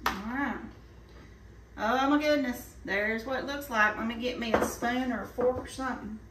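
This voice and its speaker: A woman's voice: on the high side, steady tone, moderate pace, very noisy. A woman, hosting a cooking video in her home kitchen, chatting in a homey, folksy way. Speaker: cooking channel host. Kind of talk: casual cooking vlog chat. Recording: echoey kitchen, voice a bit far from mic.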